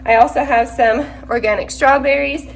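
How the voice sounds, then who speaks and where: A woman's voice: high-pitched, fairly even intonation, moderate pace, creaky. A woman in her thirties, a mother chatting casually through a grocery haul, talkative and practical with rambling asides, a little sick. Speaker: mother vlogger.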